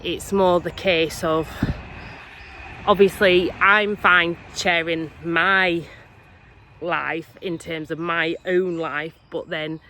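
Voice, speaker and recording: A woman's voice: lowish voice, fairly even intonation, slow pace, sharp tone, a little hiss or hum. A young woman with a Yorkshire accent, chatting casually to camera on the go and laughing through serious topics. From England. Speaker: vlogger. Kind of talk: casual chat to camera while walking.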